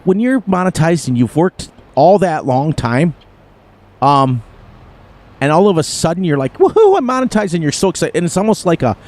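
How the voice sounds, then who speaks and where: A man's voice: on the high side, darkish tone. A middle-aged man chatting casually to his audience on a live gaming stream, rambling and chuckling as he plays. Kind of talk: casual live-stream chat while playing a farming game.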